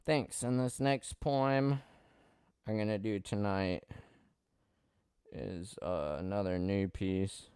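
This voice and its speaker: Man, poetry open mic host, impassioned reading, smooth resonant voice, dry close mic. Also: on the low side, no room sound. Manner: reads poems with loud, impassioned outbursts; relaxed, quick asides between poems. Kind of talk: live-streamed poetry reading and host talk.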